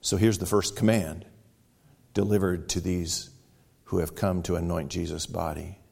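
A male pastor preaching with a low, gravelly voice. He tells the story with drama, jumping up into loud exclamations and then dropping into near-hushed lines. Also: fairly even intonation, normal speed. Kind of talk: sermon.

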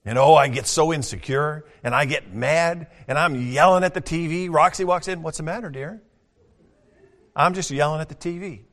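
An older man preaching a sermon as pastor, folksy, moving between booming scripture reading and quiet, chatty asides. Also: a little fast, hardly any pauses. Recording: long hall reverb.

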